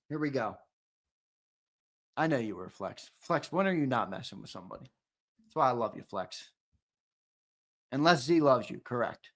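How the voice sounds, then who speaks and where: Here a young man runs a giveaway on a live stream, casually joking with and teasing his audience. Low mumbled remarks sit between his loud, hyped-up countdowns.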